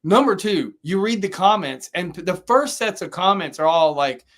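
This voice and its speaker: A man's voice: high voice, expressive, normal speed, a bit bright. A man co-hosting a live-streamed talk show, ranting profanely and telling a story with mocking quotes. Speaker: podcast co-host. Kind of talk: heated casual rant. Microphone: live stream, remote or studio mic.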